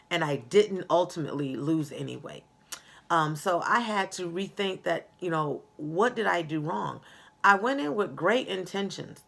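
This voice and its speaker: Earnest low-voiced woman with gravelly fry. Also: fairly bright tone. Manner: slow, earnest and encouraging, with fillers. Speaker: motivational speaker. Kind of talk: motivational talk.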